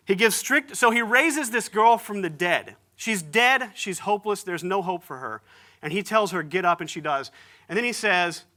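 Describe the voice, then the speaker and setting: A man's voice: high voice, bright, forceful tone. A man preaching a sermon, retelling a story in an easygoing way with slang and acted-out dialogue. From United States. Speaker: pastor. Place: church.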